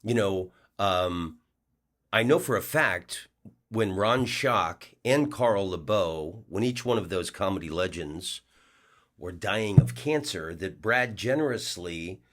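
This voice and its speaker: Middle-aged comedian guy rambling through a story, lowish voice, bouncy delivery. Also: lively intonation, slow, fairly bright tone. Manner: rambling, with many restarts and fillers. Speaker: comedian and podcast host. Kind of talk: casual storytelling monologue.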